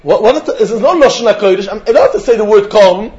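A man teaches a Talmud lesson in carrying a lilt, his voice sitting high. He keeps pressing rhetorical questions and chuckling as he reasons aloud. The recording sounds dull and lo-fi. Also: quick pace. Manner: animated, asks rhetorical questions, chuckles often. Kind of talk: Talmud lecture.

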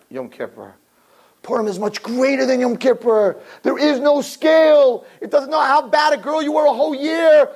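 A man giving an impassioned sermon to girls, swinging from low murmurs to high shouts and acting out dialogue. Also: poor audio. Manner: acts out dialogue in character voices. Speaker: religious teacher.

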